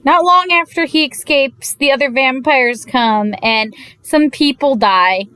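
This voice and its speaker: A woman giving a casual, animated recap of an anime episode, gushing and exasperated by turns, slipping into quick quoted voices of the characters. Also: sits high, clear, resonant tone, dry recording. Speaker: anime reviewer.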